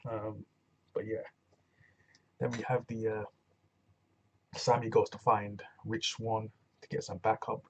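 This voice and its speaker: A man's voice: lowish voice, slow pace, long pauses, a little hiss or hum. A man giving a casual, rambling review of a wrestling show, retelling segments with loose commentary. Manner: rambling, animated retelling with acted quotes and laughs.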